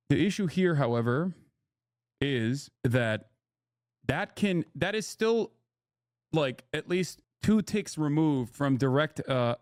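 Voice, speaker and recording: A man's voice: mid-range voice, a little mellow, no room sound, studio quality. A man streaming live, giving blunt, sarcastic political commentary with casual swearing and frequent replies to his chat.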